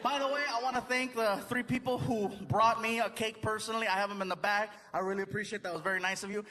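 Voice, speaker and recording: A male stand-up comedian from the United States, telling jokes in a playful, lively way and laughing at his own lines. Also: high voice, fast. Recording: live club recording with loud crowd. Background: audience laughter and noise.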